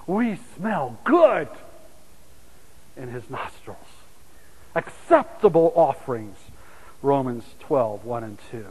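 A man preaching a sermon and telling stories, his voice swinging from loud, urgent calls to hushed, soft asides. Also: mid-range voice, very animated, slow pace, long pauses, husky, in a large hall, rough recording.

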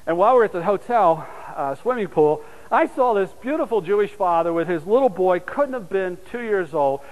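A man delivering a sermon in a fairly high voice, storytelling with big swings between loud, urgent calls and hushed, soft asides. His words ring out with a long reverb, as if in a large church hall. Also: expressive, brisk. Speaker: preacher.

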